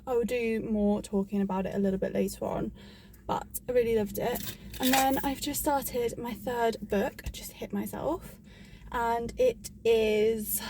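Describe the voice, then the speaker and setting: A woman's voice: on the high side, dark tone, slight background noise. A woman book vlogger talking in a casual, chatty and rambling way, with frequent "like", into a phone she holds. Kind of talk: casual vlog chat.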